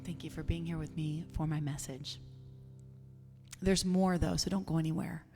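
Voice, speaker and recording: A woman minister giving a gentle, meditative sermon, soft and unhurried, sometimes sinking toward a whisper. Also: deep voice, steady tone. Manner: soft, slow, gentle, drifting into near whispers. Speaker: spiritual minister. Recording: long hall reverb, faint music.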